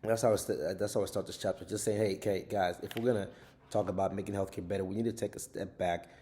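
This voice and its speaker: Earnest man with a dark, low voice. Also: steady tone, fast talker, slight background noise. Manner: earnest, with frequent tag questions. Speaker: author and podcast host. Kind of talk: casual podcast book overview.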